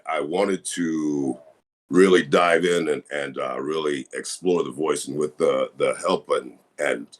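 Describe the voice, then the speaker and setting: A man answering panel questions over a video call, talking slowly and deliberately with pauses and fillers. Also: a bass voice. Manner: slow, deliberate, halting with fillers. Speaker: voice actor guest.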